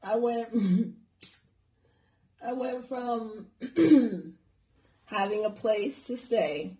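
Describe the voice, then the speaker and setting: A man's voice: very high-pitched, very slow, warm tone. Rambling, profane storytelling man. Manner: rambling, profane, lots of fillers. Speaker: vlogger telling a personal story. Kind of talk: casual storytelling.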